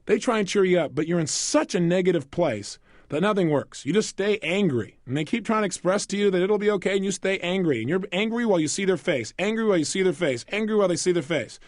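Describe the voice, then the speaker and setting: A man speaking in a higher register, his pitch swooping up and down as he teaches. The recording is close and dry, with no room around it. He keeps asking the listener questions and plays out little scenes. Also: fast talker, dry recording. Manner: animated, asks listeners questions and acts out quoted voices. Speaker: motivational speaker. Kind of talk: recorded self-help program talk.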